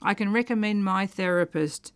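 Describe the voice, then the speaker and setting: A woman's voice: mid-range voice, normal speed, dry recording, lightly acted. A woman reading as a bossy exasperated woman. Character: brisk woman lecturing her indecisive suitor.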